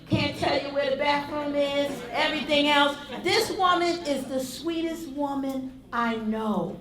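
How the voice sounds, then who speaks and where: An effusive woman emcee with a high, bright voice introduces a speaker. She exclaims and gushes as she talks. The sound rings around an echoey hall. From United States. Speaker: event host.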